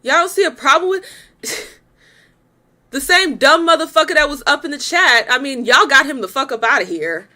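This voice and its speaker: A woman's voice: sits high, expressive, normal speed, sharp tone. A young woman hosting a reaction video, talking bluntly and with exasperation, cursing freely and laughing often while she comments. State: pregnant.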